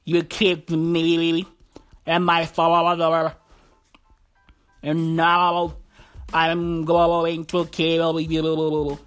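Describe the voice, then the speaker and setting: A woman voicing a grudge-holding robot that swears revenge, in a slow, low, menacing voice. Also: completely flat delivery, faint music behind. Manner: slow, deep, threatening.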